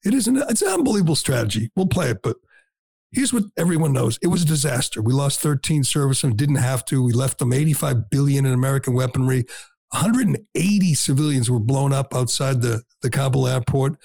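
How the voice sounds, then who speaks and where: A man's voice: medium pitch, animated, brisk, creaky, a little mellow, slightly rough, no echo. A man hosting a talk radio show, delivering blunt, sarcastic, combative commentary.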